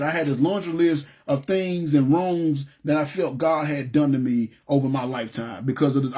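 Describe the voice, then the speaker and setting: Man, husky voice, fairly high, emotional personal testimony, halting restarts, tearful. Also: warm tone. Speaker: testimony speaker.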